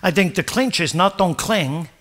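A man preaching a sermon, asking the congregation questions and swinging from loud, emphatic bursts to hushed whispers. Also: high-pitched, expressive, normal speed. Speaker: pastor.

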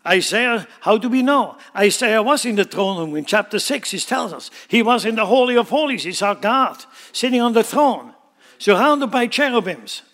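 A man's voice: high-pitched, a bit bright. A man preaching a sermon, emphatically explaining scripture line by line. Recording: long hall reverb.

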